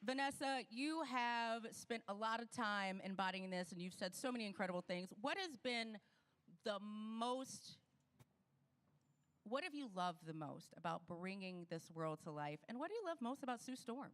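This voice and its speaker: A woman's voice: mid-range voice, animated, normal speed, fairly bright tone, clean tone. A woman hosting a live premiere interview, upbeat and enthusiastic.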